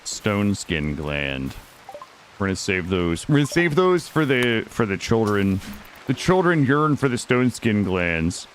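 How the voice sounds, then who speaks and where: A man streaming a game live, talking casually to his chat in an excitable, slangy way and swearing freely. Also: medium pitch, normal speed, a little hiss or hum.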